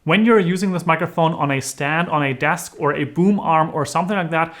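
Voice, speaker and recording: A man with a slightly raised speaking pitch talks through product comparisons in a steady, methodical manner. He speaks close into a handheld vocal mic, explaining each step clearly like a tech reviewer. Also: fairly quick.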